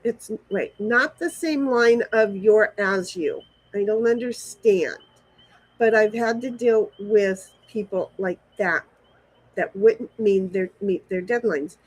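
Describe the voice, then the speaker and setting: A woman's voice: mid-range voice, breathy edge, no echo, rough recording. A woman vlogger angrily venting to her viewers, swearing and repeating herself as she rants. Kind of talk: angry venting to camera.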